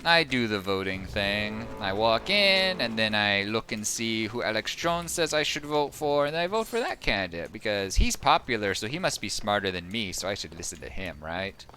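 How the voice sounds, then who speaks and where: A man's voice: lowish voice, sing-song, moderate pace, hardly any pauses, pushed and bright, slight background noise. A man live-streaming a video game, chatting casually with viewers, sarcastic and often swearing at the game. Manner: sarcastic, profane, rambling asides to chat. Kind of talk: casual gaming commentary. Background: game music and sound effects.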